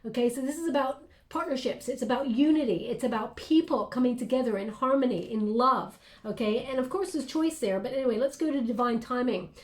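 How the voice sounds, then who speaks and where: A woman's voice: on the high side, a little fast, hardly any pauses. A woman giving a casual tarot reading to camera, speaking in an encouraging, reassuring way with many fillers and restarts. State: briefly emotional. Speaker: tarot reader.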